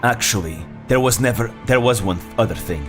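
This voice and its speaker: A man voicing a secretive male assassin in a slow, hissing, snake-like voice. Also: mid-range voice, faint music behind, lightly acted.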